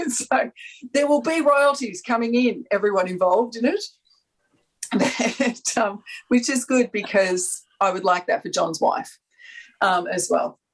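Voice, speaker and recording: A woman's voice: a little high, slow pace, rough recording. A woman with an Australian accent, chatting enthusiastically on a panel, rambling and laughing often. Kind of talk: casual chat.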